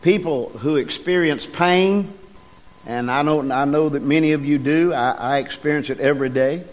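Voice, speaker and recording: A middle-aged man delivers a sermon in a somewhat high voice. He talks in a folksy, halting manner, full of ums and repeated words, slowing down to press on the key phrases. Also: soft background music. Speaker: preacher.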